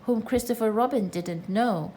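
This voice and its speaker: A woman reading a children's storybook aloud in a gentle, measured way. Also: on the high side, slight background noise, rough recording. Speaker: reader.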